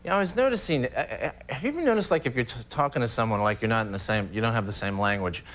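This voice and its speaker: Animated storytelling male comedian. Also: mid-range voice, racing. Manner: animated storytelling, slips into voices. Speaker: comedian guest. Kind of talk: late-night talk show chat.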